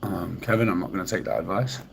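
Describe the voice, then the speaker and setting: This is a man from Manchester with a low, deep voice, talking loosely to his livestream viewers. He reacts to comments in a laid-back, dry and sarcastic way and swears casually as he goes. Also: fast talker, gravelly, slight background noise. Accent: Mancunian. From Manchester, England. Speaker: livestreamer reading chat. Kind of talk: casual live-stream chat.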